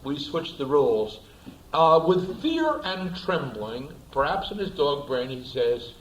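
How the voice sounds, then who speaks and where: A man giving a storytelling lecture in an animated way, repeating words for emphasis. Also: fairly high pitch, slow, echoey room, highs cut off, a little hiss or hum. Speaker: speaker, lecturer.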